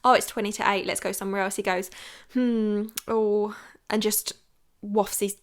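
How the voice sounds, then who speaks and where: A woman's voice: medium pitch, level tone, moderate pace. A young woman hosting a podcast, telling a dating story in a frank, chatty way with lots of "like". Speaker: podcast host. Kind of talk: storytelling chat.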